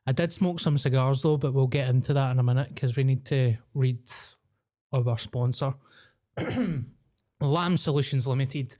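A Scottish man hosting a podcast, his voice a bit croaky after illness, chatting in jokey, sweary banter. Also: mid-range voice, measured pace, pauses often, mellow. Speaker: podcast host. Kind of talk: casual chat.

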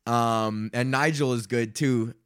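A man hosting his own podcast, ranting casually about poker and sound gigs in a profane, rambling, animated way. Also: mid-range voice, takes it slowly, clear, resonant tone. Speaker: podcast host. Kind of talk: casual solo rant.

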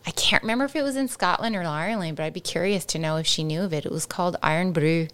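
A woman from North America co-hosting a casual podcast in a chatty, relaxed way. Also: fairly low pitch, smooth. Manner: chatty, relaxed, quick to laugh. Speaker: podcast co-host. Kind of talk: casual chat.

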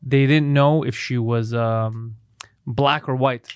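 A man's voice: mid-range voice, fairly even intonation, slow pace, clean tone, dry recording. A young man co-hosting a casual comedy podcast, telling family stories with frequent laughter and casual swearing. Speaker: podcast co-host.

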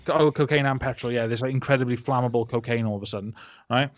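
A man's voice: mid-range voice, fairly even intonation, fast, no room sound, dull audio. Rambling, sarcastic man. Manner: rambling, sarcastic, laughing, mocking voices. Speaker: podcast host. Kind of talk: casual film-review chat.

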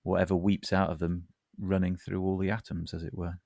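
A man in his fifties, co-hosting a podcast in casual chat, rambling and jokey with bursts of excitement. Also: sits low, fairly quick, creaky, no echo, clean studio sound. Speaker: podcast co-host. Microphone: computer mic on a remote call.

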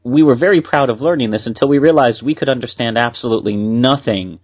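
A man's voice: medium pitch, quick pace. Upbeat man co-hosting, dull sound. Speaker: podcast co-host. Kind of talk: casual podcast chat.

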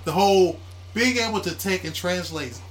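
A man in casual podcast chat, animated and profane, often talking over his co-host. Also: high voice, moderate pace, a little hiss or hum.

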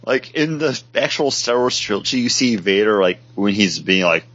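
Low-voiced man in casual comic chat. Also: normal speed, dry recording. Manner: animated, jokey, acts out short quotes. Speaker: podcast co-host. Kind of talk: casual comic book discussion. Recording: dull lo-fi podcast audio.

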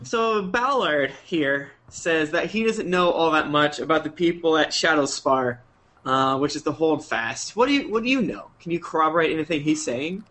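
A man's voice: fairly high pitch, lively intonation, moderate pace, bright, forceful tone. A man playing a tabletop game, joking around and pressing others with questions. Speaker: player.

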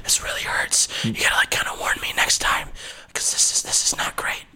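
A whiny, melodramatic grunt voiced by a man swings between high, overblown wailing and hushed, breathy whispering. The pitch jumps around wildly. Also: animated, quick pace. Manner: exaggerated pained wailing and hushed whispering asides. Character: male grunt enemy, whiny and dramatic.

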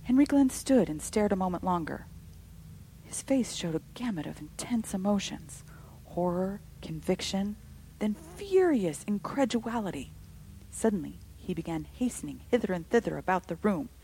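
A woman narrating a story with an expressive, dramatic delivery. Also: mid-range voice, moderate pace, a little hiss or hum, poor audio. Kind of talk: storybook reading.

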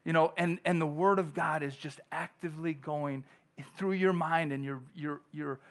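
A pastor delivers a sermon in a church with a slightly raised pitch. He talks in a loose, animated way, tossing in "right?" and playing out the questions of people in the pews. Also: normal speed. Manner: conversational, animated preaching with frequent "right?"; acts out quoted voices of churchgoers.

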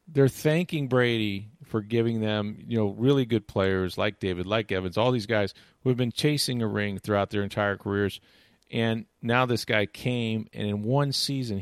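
This sports commentator has a lowish, smooth voice at normal speed, captured dry with studio quality. His talk is loose and rambling, full of false starts and "you know"s, as he animatedly recounts plays.

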